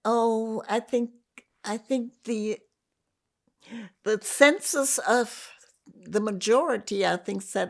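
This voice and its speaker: An older woman from Germany, giving an oral history interview in a slow, reflective way with pauses and restarts. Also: a little high, creaky. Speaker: interviewee, survivor.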